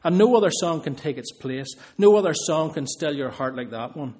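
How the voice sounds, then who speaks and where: A man preaching a sermon in a somewhat high voice. He speaks earnestly and builds his points by repeating phrases. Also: expressive, moderate pace, mellow.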